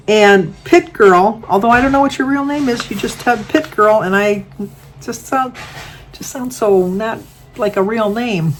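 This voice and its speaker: A woman's voice: medium pitch, normal speed. An older woman chatting at home, often singing birthday wishes and laughing as she goes. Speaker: vlogger. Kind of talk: casual chat with sung birthday wishes. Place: home room with windows open.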